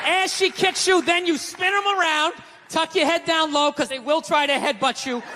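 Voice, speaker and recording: High-voiced ranting man comic. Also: steady tone, moderate pace, crowd noise. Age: middle-aged. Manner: profane, ranting, self-mocking. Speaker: stand-up comedian. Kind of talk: stand-up comedy storytelling. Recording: long hall reverb, faint noise.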